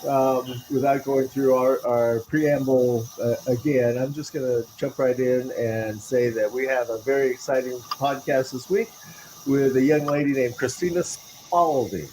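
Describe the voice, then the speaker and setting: Man hosting a podcast, jokey and easygoing, medium pitch, over a steady background hiss. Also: measured pace, poor audio. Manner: jokey and loose, laughs between takes. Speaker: podcast host. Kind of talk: casual podcast intro.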